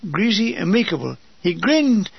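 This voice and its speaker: A man reads his own memoir aloud, slipping in dry, comic asides. His voice is gravelly and husky, sitting fairly high. The recording is dull and lo-fi. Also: very animated, moderate pace, no room sound. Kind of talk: scripted memoir narration.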